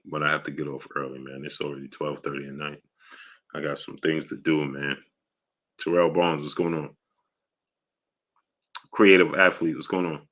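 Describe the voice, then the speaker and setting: A deep-voiced man runs a casual live stream, calling out viewers by name and reading their comments aloud. His tone is bright and punchy. He keeps pushing people to hit the like button. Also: little pitch movement, moderate pace, pauses often. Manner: shouts out viewers by name, asks for likes.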